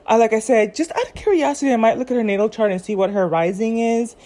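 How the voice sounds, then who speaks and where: A woman's voice: a little high, fast, warm tone. A woman hosting a casual commentary chat, rambling and chatty, with many fillers and self-corrections. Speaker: podcast host. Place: at home, eating snacks.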